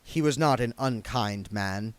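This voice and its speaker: A man reading a comic novel aloud in lively, expressive narration. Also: lowish voice, a little slow, clear, resonant tone, dry recording. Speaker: reader.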